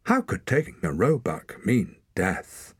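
A man's voice: lowish voice, big pitch swings, a little slow, breathy edge, dry recording, clean studio sound, exaggerated voice. A man voicing a frightened, defiant teenage boy hunter, pleading and breathless, in an audiobook. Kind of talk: audiobook character voice.

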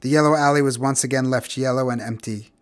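A man narrating literary fiction as an audiobook, in a measured, expressive reading voice. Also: medium pitch. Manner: measured, expressive, grows quiet and somber.

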